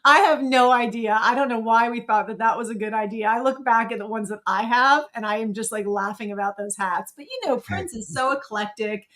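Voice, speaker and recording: Middle-aged woman, interview guest, animated and quick to laugh as she tells stories. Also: fairly high pitch. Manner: animated, laughs often, quotes others in her stories. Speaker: interview guest, former dancer. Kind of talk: casual interview storytelling.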